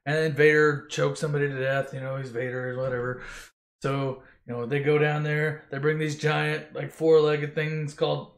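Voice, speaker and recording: A man's voice: on the high side, little pitch movement, moderate pace, reverberant. A man retelling a film as a profane, rambling comedy story, swearing constantly and loosely mimicking the characters.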